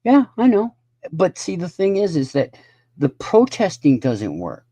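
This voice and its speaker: A man's voice: sits high, huge pitch swings, measured pace, warm tone, slightly rough, no echo. A man in his fifties ranting in a casual live stream monologue, profane and rambling. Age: 50s.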